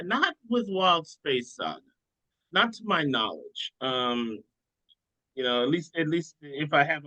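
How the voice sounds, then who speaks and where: A hesitant man from the United States answers as an author guest, often stopping and restarting. His voice sits at a middling pitch. The sound is slightly dull and lo-fi, and dry. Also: sharp tone, no room sound. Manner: hesitant, many fillers and restarts. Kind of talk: casual interview chat.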